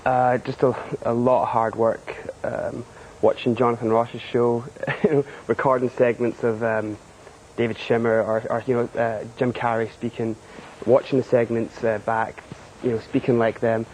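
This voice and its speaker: A man's voice: mid-range voice, level tone, normal speed, a little mellow, slight background noise, rough recording. A young man from Scotland with a Scottish accent, a guest on a TV studio interview, candid and filler-heavy, laughing often.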